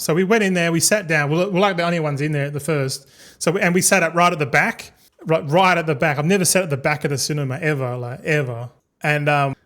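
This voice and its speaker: A man's voice: a little high, fairly bright tone. Rambling, swearing man. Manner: rambling, repeats words, swears casually. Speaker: streamer. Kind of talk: casual storytelling rant.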